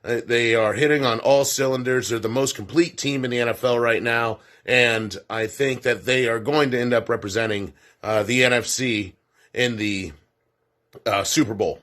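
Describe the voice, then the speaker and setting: Male co-host, mid-pitched, loose rambling football talk with filler asides. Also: steady tone, normal speed, a bit bright. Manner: rambling, self-correcting, folksy asides. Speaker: sports show co-host. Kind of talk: casual sports commentary segment.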